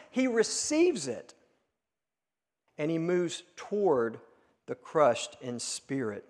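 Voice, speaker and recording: A male pastor preaching a sermon, earnest and emphatic at peaks, then dropping to a hush. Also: high voice, sing-song, slow. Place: church sanctuary. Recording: long reverb of a church hall.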